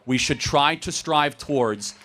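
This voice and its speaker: A man hosting a campus debate, arguing quickly and assertively with audience members, with a sarcastic streak. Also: a little high, fairly bright tone. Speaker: debate host taking audience questions.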